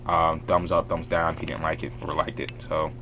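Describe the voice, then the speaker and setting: Rambling low-voiced man giving tips. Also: level tone, fairly quick, creaky, bright, forceful tone, highs cut off, slight background noise. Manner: rambling and filler-heavy, full of "like" and "um". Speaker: vlogger teaching a voice impression. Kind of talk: casual how-to vlog.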